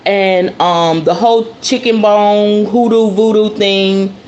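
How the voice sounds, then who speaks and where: A woman's voice: mid-range voice, steady tone, slow, darkish tone, dull audio. A woman host talking casually to her viewers and calling them y'all as she shows off an object. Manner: chatty, addresses viewers as y'all. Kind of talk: casual show-and-tell talk to viewers. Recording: roomy with faint background noise.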